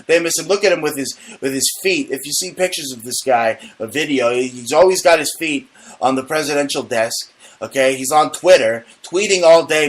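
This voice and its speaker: A man hosting a comedy talk show, ranting loudly and indignantly with stammered restarts. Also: on the high side, moderate pace, poor audio. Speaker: host.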